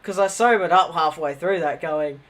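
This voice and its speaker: A man's voice: fairly high pitch, normal speed, fairly bright tone. A young man with an Australian accent casually telling rambling stories on a livestream, swearing freely and laughing at himself.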